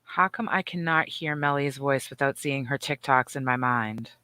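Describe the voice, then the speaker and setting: Middle-aged woman co-host, bright voice, dry sound, lively and profane. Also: extremely low pitch, moderate pace, no room sound. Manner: animated, profane storytelling with voiced asides. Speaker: podcast co-host. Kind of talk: casual chat.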